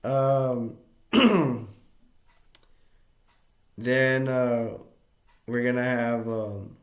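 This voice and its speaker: Speaking extremely slowly in a mid-range voice, a male film reviewer casually walks through a movie's story. He rambles with lots of fillers and false starts, chuckles often, and the room has an echo.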